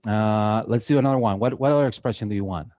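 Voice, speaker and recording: At a live drawing workshop in an event hall, a man with a Mexican accent keeps things chatty and jokey for the audience, with lots of "uh"s. He talks fast in a somewhat low, slightly mellow voice, with no room sound in the recording.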